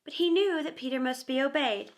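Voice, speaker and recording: A woman narrating a children's book aloud with expressive, animated storytelling. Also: high voice, fairly quick. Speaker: storyteller, actor and teacher.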